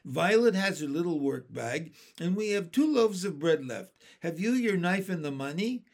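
A man voicing a practical, caring older sister in a storybook, speaking in a hushed way. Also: high-pitched, animated, moderate pace, creaky, full character voice. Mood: urgent hushed.

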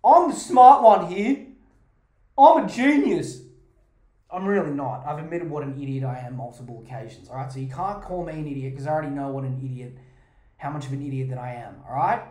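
A woman's voice: a bass voice, quick pace, warm tone, reverberant. A woman hosting a podcast, ranting in a heated, sarcastic way with plenty of swearing. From Australia. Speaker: podcast host.

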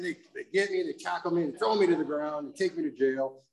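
A middle-aged American man sharing his recovery story at a meeting, rambling and animated, often saying "you know what I mean" and "dude", his voice climbing high when he acts out shouting. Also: fairly quick. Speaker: recovery speaker. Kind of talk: recovery share. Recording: echoey room.

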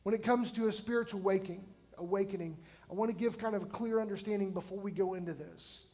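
A man's voice: high-pitched, quick pace, warm tone. A man in his forties preaching a sermon to his church, chatty and emphatic, often asking the congregation questions. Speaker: pastor. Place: church sanctuary.

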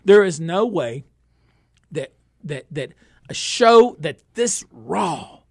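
Boisterous radio host, dry sound. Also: male voice, lively intonation, slow, slightly rough, no room sound. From Northeast Texas. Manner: boisterous, swings from loud bursts to low asides. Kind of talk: casual comedic radio talk.

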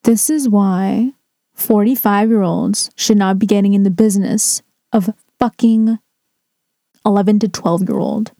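A woman's voice: medium pitch, unhurried, mellow, dry recording, clean studio sound. A woman rating and reacting to stories in casual commentary, blunt and sarcastic with frequent swearing. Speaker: storytime reactor.

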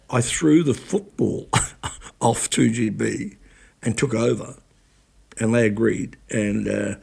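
A man's voice: on the low side, gravelly, a little mellow, slightly rough. A man, a radio broadcaster, recounting events in a rambling, self-correcting way with blunt swearing. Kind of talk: casual spoken recollection.

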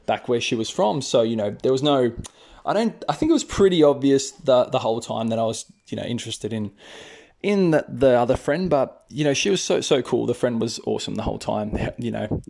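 An Australian man in his thirties, a podcast host and English teacher, telling a personal story in a chatty, animated way. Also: fairly quick, gravelly. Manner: chatty, animated, raises pitch for quoted voices. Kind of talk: casual storytelling.

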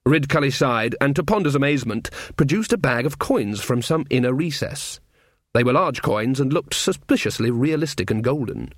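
A man narrating a comic fantasy audiobook with expressive, playful storytelling. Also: mid-range voice, no echo, studio quality. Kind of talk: scripted narration.

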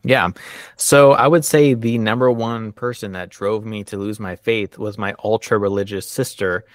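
A man telling his story as a guest in a casual podcast conversation, lively and acting out what people said. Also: lowish voice, moderate pace, no echo, clean studio sound.

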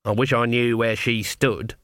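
A man's voice: mid-range voice, fairly even intonation, measured pace, fairly bright tone, dry recording, studio quality, natural voice. A man reading an audiobook, voicing a stern, commanding elderly woman witch who speaks curtly.

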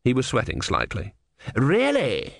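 A man reading an audiobook in measured, dry storytelling narration. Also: lowish voice, fairly bright tone, no room sound. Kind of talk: scripted narration.

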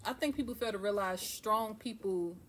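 A woman's voice: mid-range voice, moderate pace, a crowd in the background. A woman co-hosting a podcast in casual chat, often chiming in to agree and affirm. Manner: affirming, chimes in with yes often. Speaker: podcast co-host.

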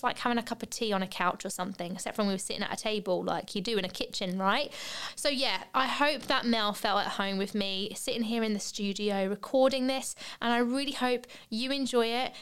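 A woman's voice: on the high side, a bit bright, clear, resonant tone. A middle-aged British woman hosting a podcast, chatty and bubbly, laughing easily in a small studio. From Britain. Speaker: podcast host. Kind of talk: casual chat.

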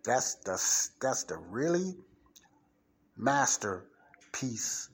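Emphatic low-voiced Chicago preacher. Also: male voice, fairly bright tone. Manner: emphatic, repeats key points, punches up stressed words. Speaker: podcast Bible teacher. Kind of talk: preaching teaching podcast.

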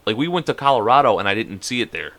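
A man telling a long, profane story in a casual podcast chat, rambling and animated. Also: mid-range voice, quick pace. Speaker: podcast co-host.

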